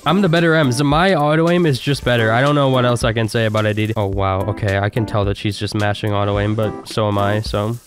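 A young man giving casual, excitable gameplay commentary as a gaming YouTuber, trash-talking his opponents. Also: fairly low pitch, music in the background. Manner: excitable, trash-talks opponents, quick bursts of laughter.

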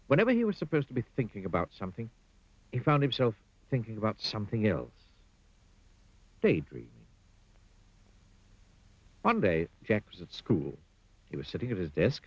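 A husky-voiced man narrates a children's storybook. His telling is playful, and his pitch swoops up and down with every turn of the tale. The recording sounds dull and lo-fi. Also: no room sound.

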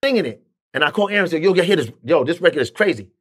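Animated middle-aged man telling a story. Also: fairly high pitch, rapid-fire, husky. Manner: animated, acts out quoted dialogue. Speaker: interviewee. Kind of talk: storytelling interview.

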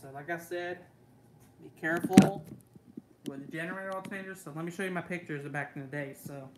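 A man's voice: a little high, racing. Rambling young man in an echoey room. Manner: rambling, repeats "so" and "guys" constantly. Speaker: channel host. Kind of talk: rambling casual vlog. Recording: echoey room with faint background hum.

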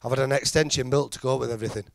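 This middle-aged man from Halifax, England, is a stand-up comedian with a Yorkshire accent, delivering a chatty, self-deprecating routine and ribbing the crowd. His medium-pitched voice is steady and rapid-fire with vocal fry. The sound is clean studio audio with no room sound.

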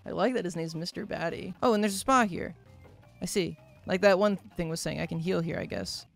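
A man giving casual let's play commentary on a game, animated and quick to yelp and laugh. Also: high-pitched, gravelly, faint music behind. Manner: animated, yelps and laughs, swears in surprise. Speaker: gaming YouTuber.

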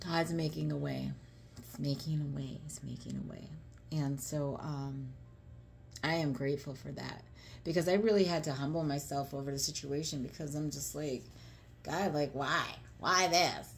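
Woman, deep voice, fry, chatty devotional talk, lots of "right?", light noise. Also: darkish tone. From United States. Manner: chatty, earnest, frequent fillers and rhetorical "right?". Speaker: faith vlogger.

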